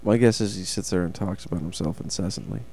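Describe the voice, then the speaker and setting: A man's voice: low-pitched, quick pace, vocal fry, a little mellow, slight background noise. A man in casual chat among friends, speaking in a dry, sardonic way.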